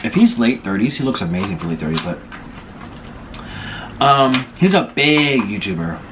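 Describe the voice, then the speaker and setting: A man's voice: lowish voice, very animated, normal speed, background noise. A young man vlogging casually, gossiping to his viewers while he eats. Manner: gossipy, chatty, eating while talking. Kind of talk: casual mukbang chat.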